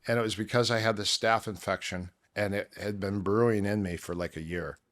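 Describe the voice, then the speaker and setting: A middle-aged man, a former fighter and coach, telling a story casually and acting out the voices of others, dropping quieter on grim parts. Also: fairly low pitch, fairly quick. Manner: animated retelling that acts out quoted voices.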